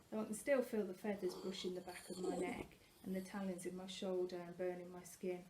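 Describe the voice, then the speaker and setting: A woman reading a first-person novel aloud, expressive and growing louder at tense moments, with the odd slip and self-correction. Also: on the low side, a little fast, few pauses, noisy background. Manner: occasional slips and self-corrections. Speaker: reader.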